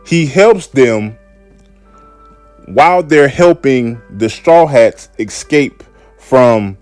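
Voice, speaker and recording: A man's voice: medium pitch, lively intonation, extremely slow, a little mellow, no echo, soft background music. A man hosting a casual solo podcast, laid-back and repetitive, often saying "man". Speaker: podcast host.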